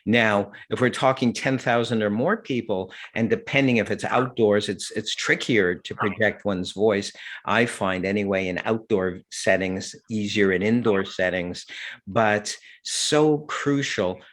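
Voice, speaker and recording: A man hosting an interview and talking about performing magic, asking earnest questions at a measured pace. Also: lowish voice, fairly bright tone. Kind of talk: conversational interview.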